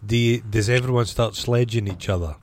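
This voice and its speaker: Scottish male co-host, slightly low voice, dry rambling banter. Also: a little fast. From Scotland. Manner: dry, rambling, stumbles over words. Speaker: podcast co-host. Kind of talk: casual banter.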